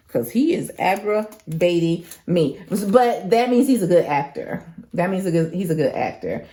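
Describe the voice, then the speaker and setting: A young woman runs a crafting channel and talks to her viewers as she works, casual and full of slang. Her voice sits at an ordinary middle pitch, and she leans hard on the words she wants to stress. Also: lively intonation, a little slow, darkish tone. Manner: chatty, emphatic, uses lots of slang. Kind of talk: casual chat while crafting.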